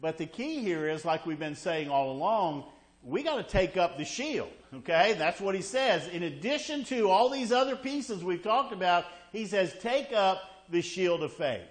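A man's voice: high-pitched, expressive, moderate pace. A man preaching a sermon, emphatic and repetitive, often checking in with listeners by asking "okay?". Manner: emphatic, repeats key words. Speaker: pastor.

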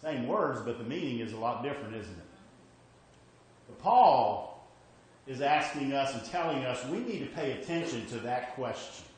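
Emphatic preacher in a very echoey hall. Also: male voice, medium pitch, expressive, normal speed, a little hiss or hum. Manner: emphatic, repeats questions and frequent "okay?" checks. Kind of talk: sermon. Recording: very echoey hall with faint ambience.

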